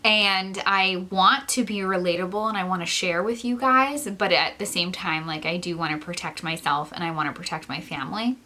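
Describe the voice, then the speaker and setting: A young woman chats candidly to her camera in a relaxed, filler-heavy way, breaking into little laughs. Her voice sits a touch low, yet its tone is bright and forward. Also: moderate pace, few pauses. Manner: candid, chatty, many fillers and soft laughs. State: pregnant. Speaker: vlogger. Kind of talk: casual chat to camera.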